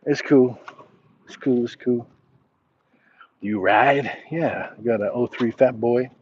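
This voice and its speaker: A man's voice: medium pitch, slow pace, darkish tone, dull audio, slight background noise. A middle-aged man walking outdoors at night, chatting casually on a livestream and reading viewer comments aloud in a laid-back, chuckling way. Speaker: livestream host. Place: outdoors at night, crickets around.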